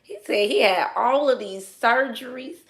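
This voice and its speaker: A young adult woman, a dancer, telling a story in casual chat, colloquial and dropping into soft asides. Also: on the high side, unhurried, creaky.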